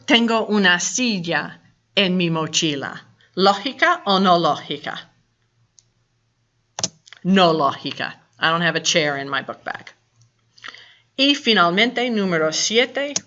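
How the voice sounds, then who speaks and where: A woman's voice: fairly low pitch, expressive, a little slow, long pauses, pushed and bright, highs cut off, a little hiss or hum. A woman, teaching a recorded video language lesson in a chatty, step-by-step way. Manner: chatty, explains step by step, mixes English and Spanish. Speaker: Spanish teacher.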